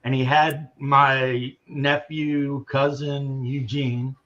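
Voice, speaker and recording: A man's voice: medium pitch, level tone, drawn-out words, a bit bright. A man in casual chat, telling rambling, wry family anecdotes. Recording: dull lo-fi sound.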